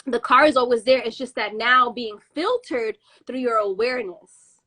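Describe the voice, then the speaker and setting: Animated high-voiced woman telling a story. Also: normal speed. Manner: animated, acts out quotes with slang and swearing. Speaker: podcast host. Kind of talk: casual storytelling chat.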